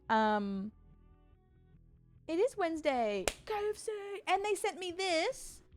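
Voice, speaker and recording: Bubbly high-voiced Australian woman streaming. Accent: soft Australian. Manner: bubbly and chatty, gushing with excitement and frequent ums. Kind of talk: casual live-stream chat with a sponsor read.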